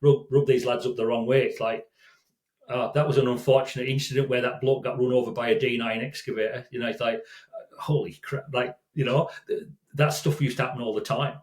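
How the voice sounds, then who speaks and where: A man's voice: mid-range voice, steady tone, fairly quick, darkish tone. Older guy rambling through stories, lots of restarts, echoey room. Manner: rambling, many restarts and self-corrections. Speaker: guest. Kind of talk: casual storytelling. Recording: roomy echo.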